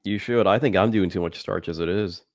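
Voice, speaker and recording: A man co-hosting a podcast in casual chat, reading ingredient labels aloud with halting fillers. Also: sits low, no room sound, studio quality. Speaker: podcast co-host.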